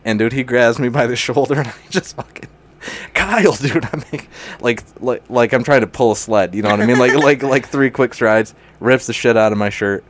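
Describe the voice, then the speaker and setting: A man's voice: medium pitch, steady tone, a little fast, slight background noise. A young man telling a wild story in casual chat, laughing often, swearing freely and calling everyone dude. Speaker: guest.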